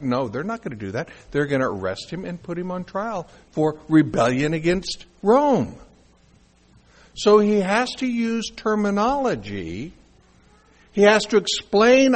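A middle-aged man delivers a sermon, acting out the lines he quotes. His voice sits a bit high for a man and rises and falls a lot, giving the talk a lively, animated preaching feel. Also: a little slow. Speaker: pastor.

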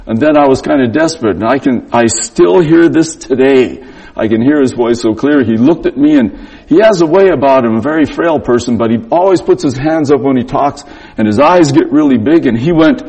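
A middle-aged man preaching a storytelling sermon, animated and acting out the dialogue. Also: mid-range voice, brisk, breathy edge.

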